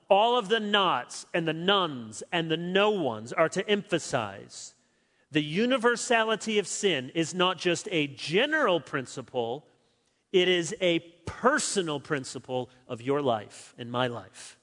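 A pastor preaches an expository sermon in a high, slightly bright voice, emphatic as he alternates quick stretches with slow, stressed words. He offers his listeners dry asides, and the long reverb of a large hall surrounds him.

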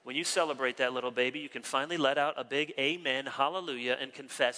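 A man preaching a sermon as pastor, animated with wry asides and slowing down for emphasis. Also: mid-range voice, in a large hall.

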